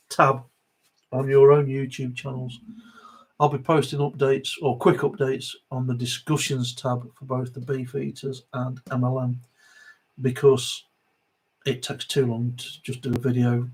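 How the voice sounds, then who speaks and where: A middle-aged man with an East Midlands accent, hosting a live stream in a chatty, matey way, reading out viewer comments and chuckling between them. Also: medium pitch. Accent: East Midlands English. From English Midlands. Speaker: host of a diecast model livestream.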